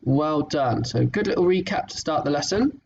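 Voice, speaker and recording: A man teaching a recorded phonics lesson to young children, encouraging and patient, sounding words out slowly. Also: a little high, animated, vocal fry, a little mellow, husky, far from the mic, muffled recording.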